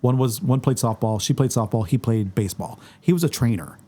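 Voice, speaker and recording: A man chats casually as a guest on a podcast, his voice mellow and dark at an ordinary pitch. He spins stories from his work and acts out the lines of the people in them. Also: a little fast. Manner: storytelling, animated quoting of others. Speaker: guest photographer.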